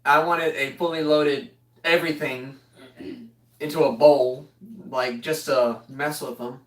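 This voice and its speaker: A man's voice: fairly high pitch, fairly even intonation, measured pace. A young man rambles through a funny story, joking and laughing as he goes. His voice sits in a roomy space, picked up from a distance rather than close to the mic. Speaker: vlogger telling a story.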